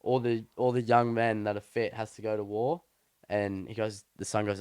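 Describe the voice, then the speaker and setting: A young man with a fairly low, level voice talks at normal speed, sounding a little mellow, clear and resonant. The recording is dry and clean, studio-made, as he co-hosts a podcast and tells a rambling, slangy story with lots of restarts during casual chat.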